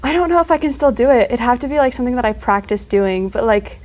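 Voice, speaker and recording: A woman's voice: on the high side, expressive, a little mellow, poor audio. A teenage girl talking casually as a student guest, rambling with lots of fillers and small laughs. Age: teens. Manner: rambling, full of filler words and quick laughs. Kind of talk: casual chat.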